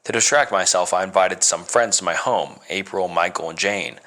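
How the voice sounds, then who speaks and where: A man reading a first-person horror story as narrator, measured and dramatic. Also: deep voice, pushed and bright.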